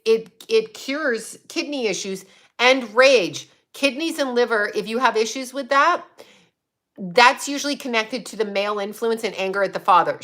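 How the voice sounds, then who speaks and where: A woman's voice: fairly high pitch, a bit bright. A woman hosting a casual livestream, answering viewers in a rambling, blunt and profane way. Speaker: psychic medium livestream host.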